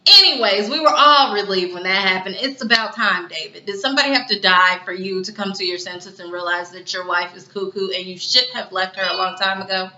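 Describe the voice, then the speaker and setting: A woman giving a chatty, animated recap of a TV episode, acting out the characters' lines as she goes. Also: mid-range voice, brisk, few pauses, a little hiss or hum. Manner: chatty, animated retelling with quoted dialogue. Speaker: TV episode reviewer. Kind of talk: casual recap monologue. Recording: echoey room, dull lo-fi sound.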